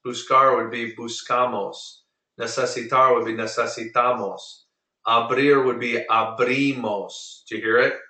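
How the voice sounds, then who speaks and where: A man teaching Spanish to a small group over a video call, patiently drilling and repeating words slowly. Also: medium pitch, pushed and bright, roomy sound, distant mic, low-quality recording. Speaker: Spanish tutor. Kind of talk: online group lesson.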